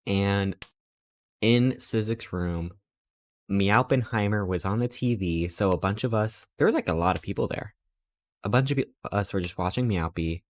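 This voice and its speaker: Male streamer, low voice, casual rambling anecdotes with playful quoted asides. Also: normal speed. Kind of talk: casual chat while streaming.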